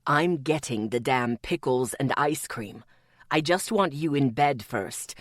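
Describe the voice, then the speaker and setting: A gruff, centuries-old man, as a woman narrator puts him on speaks low and clipped. His words come out stern and protective. The audiobook recording is dry and close. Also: unhurried, no room sound.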